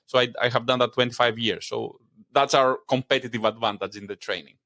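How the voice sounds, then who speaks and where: Greek-born man, middle-aged, rapid and enthusiastic, mid pitch, video-call guest. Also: fairly even intonation, bright, forceful tone. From Greece. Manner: fast-talking, enthusiastic, laughs often. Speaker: guest, insurance and AI trainer. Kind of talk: casual interview chat.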